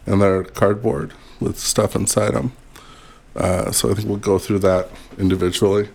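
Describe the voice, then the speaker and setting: A man's voice: lowish voice, steady tone, normal speed, creaky, a little mellow, slight background noise. A man co-hosting a podcast, talking casually and hesitantly with plenty of fillers. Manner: hesitant, filler-heavy, laid-back. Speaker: podcast co-host. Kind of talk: casual chat during an unboxing.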